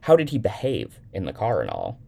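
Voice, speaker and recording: A man's voice: lowish voice, huge pitch swings, fairly quick, creaky, warm tone, exaggerated voice. A man voicing a fretful, nagging middle-aged mother on the phone, pressing her questions insistently. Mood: anxious.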